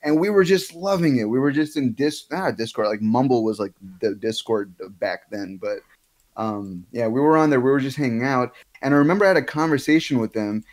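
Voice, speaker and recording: A man's voice: mid-range voice, brisk. Guy on a podcast rambling through a story, swears a lot, lots of likes and you knows, normal voice. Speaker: guest. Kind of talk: casual podcast chat.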